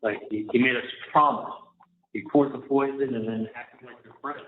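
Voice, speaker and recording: A man's voice: medium pitch, fairly even intonation, normal speed. A man on a recorded phone call, rambling through a long, aggrieved account of a dispute. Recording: tinny, echoey phone line with faint noise.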